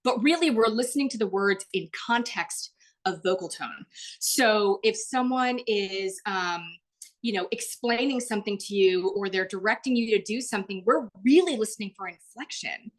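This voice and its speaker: A woman leading an online workshop, heard through a video call microphone. She talks in a loose, chatty way, leaning on "like" and "um". She jumps high in pitch whenever she acts out the people she quotes. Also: normal speed. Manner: chatty, frequent "like" and "um". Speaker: webinar presenter. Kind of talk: live online workshop talk.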